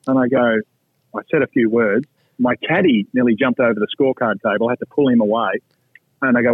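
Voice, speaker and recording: A middle-aged Australian man, a podcast guest telling golf stories in a lively, blunt way with salty asides. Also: medium pitch, brisk, slightly rough, no room sound. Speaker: podcast guest, pro golfer. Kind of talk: casual storytelling. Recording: tinny phone-like line, dry.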